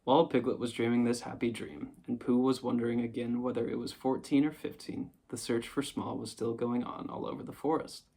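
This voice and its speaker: A man narrates a children's storybook gently and without hurry. His voice is gravelly and husky, at a middling pitch. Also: little pitch movement, brisk, hardly any pauses, rough recording. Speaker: audiobook reader.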